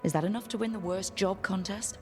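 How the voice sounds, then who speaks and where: A woman's voice: medium pitch, steady tone, fairly quick, in a large hall, soft background music, lightly acted. An actress playing a wry young woman companion in a game.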